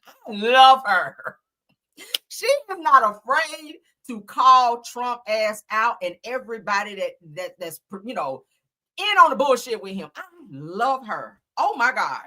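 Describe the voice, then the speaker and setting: Excitable woman streamer hosting, bright voice, pitch all over the place, cusses and chats. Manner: excitable, profane, laughs a lot. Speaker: livestream host. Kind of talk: casual livestream commentary.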